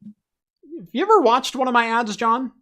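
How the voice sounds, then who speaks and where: Bright-voiced male podcast host, laid-back. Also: extremely high pitch, animated, measured pace. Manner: laid-back, chatty, frequent fillers. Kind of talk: casual podcast chat.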